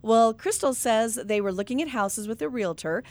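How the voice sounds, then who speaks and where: A fairly high-pitched middle-aged woman co-hosting a radio show. She tells stories and reads listener posts in an animated voice and laughs often. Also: normal speed, no room sound. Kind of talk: casual radio chat reading listener posts.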